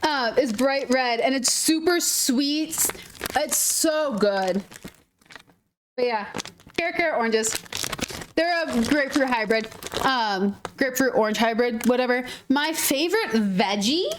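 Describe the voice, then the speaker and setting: Bubbly high-voiced Minnesotan young woman. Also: lively intonation, measured pace, a little hiss or hum. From northern Minnesota. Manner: bubbly, chatty, giggly. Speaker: streamer. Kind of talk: casual gaming stream chat.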